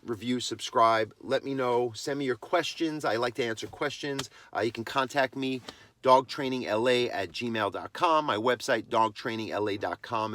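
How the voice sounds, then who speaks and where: A man's voice: mid-range voice, fairly bright tone, dry recording. Man, podcast host, blunt and fired up, dry close sound. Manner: impassioned ranting, blunt and emphatic. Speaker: podcast host and dog trainer. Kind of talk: solo podcast monologue.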